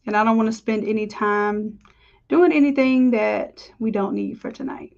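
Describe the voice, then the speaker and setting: A woman with a fairly high voice leads a live design tutorial, chatting upbeat with her viewers as she works. The stream audio sounds a little dull and lo-fi. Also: moderate pace, gravelly, darkish tone. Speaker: design instructor. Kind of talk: live screen-share tutorial.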